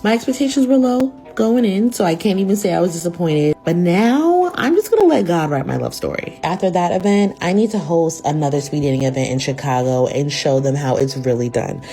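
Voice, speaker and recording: A woman's voice: fairly low pitch, a little fast, hardly any pauses, faint music behind. A woman in her twenties telling a casual, dramatic story to camera. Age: 20s. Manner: animated, dramatic.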